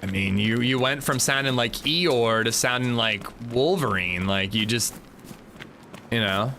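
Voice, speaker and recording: Upbeat guy streaming a game, bright voice, chatty, faint game noise in the back. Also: medium pitch, measured pace. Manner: upbeat, chatty, thanks viewers for subs. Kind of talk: casual livestream gaming chat.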